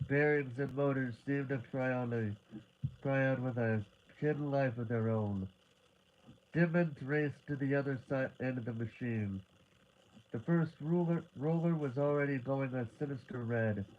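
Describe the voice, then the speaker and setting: Man, live horror story reading, middle pitch, steady tense delivery, dull lo-fi audio. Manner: steady, building tension, occasional restarts on words. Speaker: reader.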